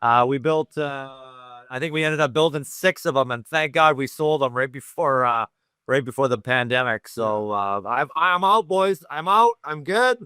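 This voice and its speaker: A man with a bright, crisp voice and a dry, close sound. He chats as a podcast guest, cracking self-deprecating jokes and laughing easily. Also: medium pitch, expressive, normal speed, no room sound. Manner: joking, laughs often, self-mocking. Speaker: guest hockey analyst. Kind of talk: casual podcast chat.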